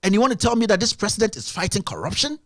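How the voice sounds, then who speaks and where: Indignant man, lively high voice. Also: very fast, no room sound, clean studio sound. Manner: emphatic, repetitive, indignant. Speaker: live-stream show host. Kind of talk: impassioned political commentary.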